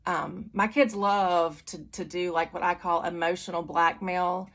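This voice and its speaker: A woman's voice: on the low side, steady tone, measured pace, fairly bright tone. A middle-aged woman giving a personal church testimony, candid and conversational with many fillers and restarts. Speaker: testimony speaker.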